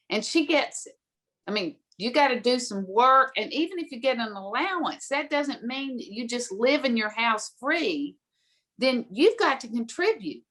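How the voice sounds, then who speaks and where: A woman's voice: fairly high pitch, a bit bright. A middle-aged woman who is a guest, giving direct, emphatic parenting advice and telling stories in an interview. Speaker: guest speaker on money.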